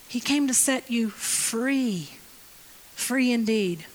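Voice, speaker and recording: A woman's voice: fairly high pitch, expressive, slow, rough recording. A woman in her fifties preaching a conversational sermon as pastor, acting out quotes and stories. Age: 50s. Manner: conversational, acts out quotes, laughs often.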